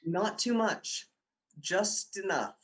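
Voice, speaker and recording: In this amateur radio drama, a young adult man uses a full character voice that is high, animated, slow and fairly bright. His role is the boyfriend Dick, a university student who coaxes and teases his girlfriend in an insistent, persuasive way.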